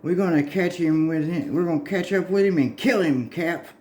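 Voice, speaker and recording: A man voicing a hotheaded young male hero sidekick in a comic he reads aloud, in a raised, excited voice. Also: a little high, normal speed, voice pushed up, natural voice. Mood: eager.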